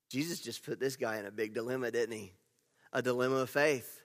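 A man preaching a sermon as pastor, telling the story with animated swings between loud emphasis and hushed asides. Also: medium pitch, fairly quick. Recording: long reverb of a large hall.

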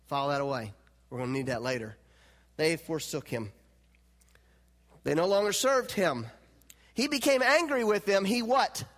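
Guy preaching a sermon, high voice, laid-back and chatty, lots of hall reverb. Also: expressive, brisk, a bit bright. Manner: conversational, laughs often, plays out God's lines with rising intensity.

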